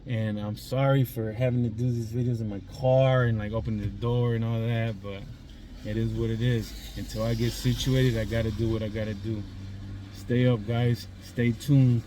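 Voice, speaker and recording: A man in his forties talks at a moderate pace in a mid-range, mellow voice with a flat delivery, slight background noise behind him. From a parked car he hosts a raw, emotional confessional vlog, swearing freely, tearful and choked up.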